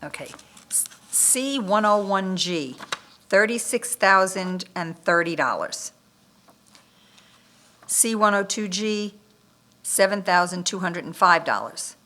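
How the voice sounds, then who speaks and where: Slow, bright-voiced woman reading bids. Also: mid-range voice. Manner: slow, steady, methodical listing of item codes and dollar amounts. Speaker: municipal official reading bids. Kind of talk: reading bid figures aloud at a public opening. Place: town government meeting room.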